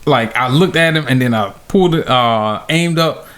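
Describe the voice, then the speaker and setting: A man co-hosting a casual podcast, telling a childhood story with lots of laughter and acted-out quotes. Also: moderate pace. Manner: animated, laughs often, acts out quotes in high voice. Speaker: podcast co-host.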